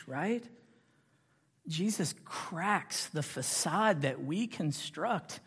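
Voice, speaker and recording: Male preacher, somewhat high voice, poses rhetorical questions and builds to emphatic peaks; reverberant sanctuary sound. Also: expressive, slow, fairly bright tone, slightly rough. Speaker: pastor. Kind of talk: sermon.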